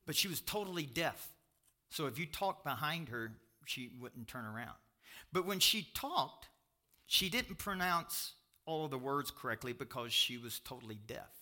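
A middle-aged pastor with a Kentucky accent, preaching a sermon in an emphatic storytelling manner that swings from exclamations to low confiding asides. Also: male voice, very animated, moderate pace, pushed and bright.

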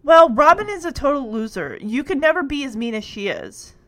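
A woman's voice: sits high, big pitch swings, a little fast, no echo. A woman voicing a young girl as a bossy, insistent older sister. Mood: stern. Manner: stern, insistent.

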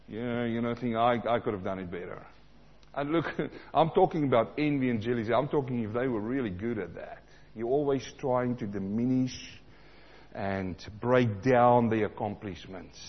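A man from South Africa preaching a sermon, animated, repeating lines for emphasis and acting out the voices he quotes. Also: mid-range voice, slightly rough. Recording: dull sound in a large reverberant hall.

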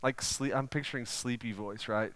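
A man, preaching a sermon and telling stories conversationally with sudden animated swells. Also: medium pitch, normal speed, no room sound. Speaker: pastor.

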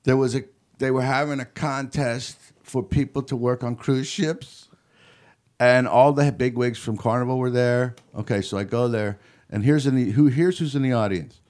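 A man's voice: mid-range voice, moderate pace. A male comedian telling stories on a podcast in a studio, acting out what people said and laughing often. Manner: animated, laughing storyteller who acts out quotes. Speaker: comedian guest. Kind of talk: casual storytelling.

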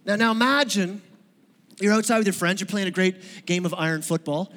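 Male pastor, high voice; conversational sermon with humor and questions to the room; long church-hall reverb. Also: a little fast, a bit bright. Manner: conversational, joking, asks the audience questions. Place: church sanctuary.

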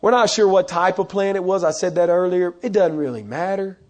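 A married man preaching a sermon, animated and acting out the voices he quotes. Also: high-pitched, a little fast. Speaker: pastor.

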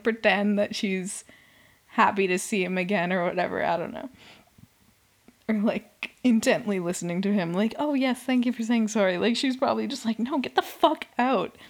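A young woman hosting a podcast, talking casually and sarcastically about a reality show, swearing often and filling with "like". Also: mid-range voice. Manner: sarcastic, swears a lot, fills with "like". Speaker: podcast host. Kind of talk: casual reality-TV recap monologue.

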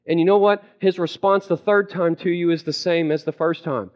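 High-voiced emphatic male preacher. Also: steady tone. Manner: emphatic, repeats key phrases, slows for scripture. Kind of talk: sermon. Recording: dull lo-fi recording.

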